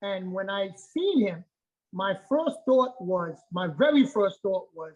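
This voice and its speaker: Speaking slowly and expressively in a high, darkish voice, this middle-aged man is a martial arts master being interviewed casually. He repeats himself for emphasis and keeps checking in with "okay?", and the recording sounds lo-fi.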